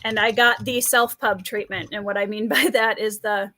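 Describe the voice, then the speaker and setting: A woman's voice: mid-range voice, fairly even intonation, normal speed, pushed and bright, dry recording. Woman w/ scandinavian midwest accent hosting a chill livestream, chatty, laughs a lot. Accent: Scandinavian Midwestern American. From rural Minnesota, US. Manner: chatty, laughs often, reads out viewer comments. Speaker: livestream host and writer. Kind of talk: relaxed live-stream chat.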